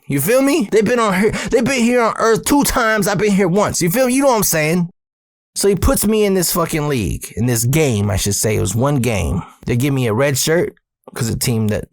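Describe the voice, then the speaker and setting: A man's voice: mid-range voice, no echo, studio quality. A man in his thirties from Arizona telling a personal story in a casual, profane, slangy way. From Arizona, USA. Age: 30s. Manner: profane, streetwise slang, animated when excited. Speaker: storyteller host.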